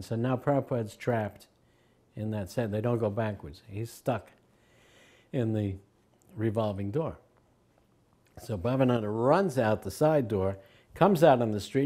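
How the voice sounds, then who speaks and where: In an interview, an older man with a mid-range, dark-toned voice shares stories about his teacher, imitating the people he quotes and chuckling along the way.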